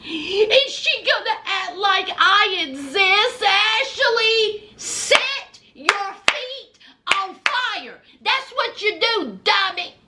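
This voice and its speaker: A woman's voice: very high-pitched, animated, extremely slow, bright, forceful tone, slight background noise. A woman giving a blunt, mocking commentary recap of a reality TV episode, talking straight at the people she discusses and acting out what they said. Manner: acts out quoted lines in put-on voices.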